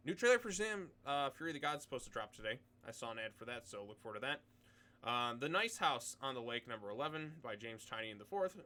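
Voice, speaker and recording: Young man, rapid casual commentary, bright forward tone, rambling and blunt, lots of fillers. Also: mid-range voice, sing-song. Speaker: comics video host. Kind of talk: casual commentary reading solicitations.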